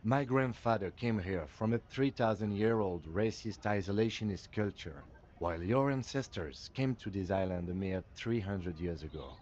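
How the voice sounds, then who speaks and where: An actor voicing a composed, stern police lieutenant in a video game, measured and firm. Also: male voice, lowish voice, darkish tone, lightly acted. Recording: dull game audio with faint hiss.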